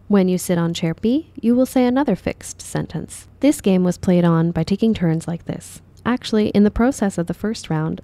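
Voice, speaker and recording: A woman drama teacher calmly explaining an acting lesson in a measured, dubbed voice-over. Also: mid-range voice, no echo.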